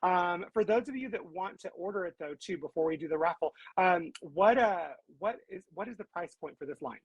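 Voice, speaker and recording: A woman's voice: on the low side, animated, fairly quick, breathy edge, highs cut off. A woman hosting a casual live video chat, upbeat and chatty, talking straight to her viewers over a video call mic. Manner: upbeat, speaks to viewers as "guys". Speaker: host.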